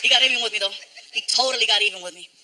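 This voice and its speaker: A man performing live stand-up comedy, telling animated stories and slipping into acted voices. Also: extremely high pitch, racing, very noisy. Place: stage in El Paso.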